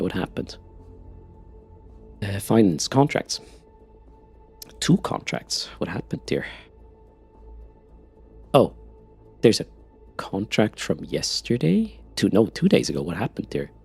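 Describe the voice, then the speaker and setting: Slow, gravelly Swiss German streamer. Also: male voice, on the low side, big pitch swings, darkish tone, soft background music. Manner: chatty, repeats words when starting sentences. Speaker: game streamer. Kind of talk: casual live-stream chat.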